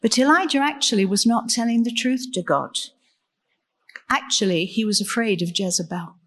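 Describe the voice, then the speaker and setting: A woman preaching a sermon in a slow, measured way and asking rhetorical questions. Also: fairly high pitch. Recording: long reverb in a large hall.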